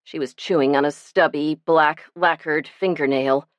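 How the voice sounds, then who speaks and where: A woman narrating an audiobook in an expressive storytelling manner. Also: sits low, normal speed, dry recording, lo-fi sound. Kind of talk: scripted narration.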